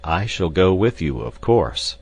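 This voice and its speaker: A man playing an urgent, commanding young gentleman. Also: sits low, animated, unhurried, gravelly, exaggerated voice. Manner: raised, urgent calling.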